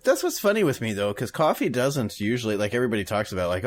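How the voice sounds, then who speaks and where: A man's voice: on the low side, sing-song, fast, slight background noise. A married man co-hosting a podcast, chatting casually, laughing often and swearing freely. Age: adult, married. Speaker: podcast co-host. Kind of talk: casual rambling chat.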